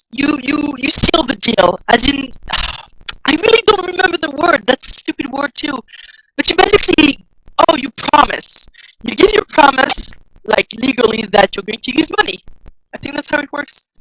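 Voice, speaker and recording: A young woman from France chats casually to her livestream audience in a voice pitched a little high. She rambles and pokes fun at herself, and acts out both sides of the conversations she retells. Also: a bit bright, slight background noise, low-quality recording. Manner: rambling and self-deprecating, acting out both sides of her stories. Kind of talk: casual storytelling to a live chat.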